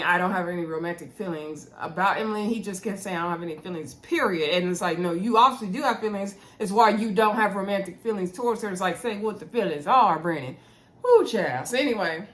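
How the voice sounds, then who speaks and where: A woman hosting a casual reality show recap, chatty and animated, acting out quotes with playful voices. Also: mid-range voice, a little fast.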